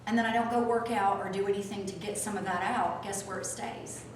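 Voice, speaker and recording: A woman teaching a small group, swinging from soft asides to loud outbursts. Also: medium pitch, fairly even intonation, brisk. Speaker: spiritual teacher. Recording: echoey room from a distance, faint noise.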